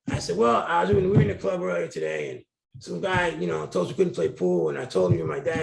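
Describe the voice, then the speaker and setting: This man's voice sits on the high side, with wildly swooping pitch, a fast delivery, creakiness and a slightly mellow tone. He's a middle-aged New Jersey guest telling colorful, candid stories in an interview. There's a roomy echo in the recording.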